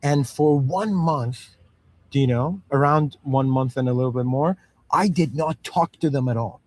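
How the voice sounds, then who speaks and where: This is a mid-range, slightly mellow male voice at a moderate pace. The speaker, a man in his thirties from the Middle East, lectures informally with lots of "you know" and "okay," slipping into parent and child voices for little acted-out scenes.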